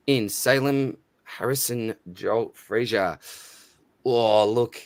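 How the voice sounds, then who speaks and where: A man's voice: mid-range voice, slow pace, no room sound. A man with an Australian accent hosting a live stream in casual chat, matey and chatty as he reads out viewer names. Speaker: livestream host.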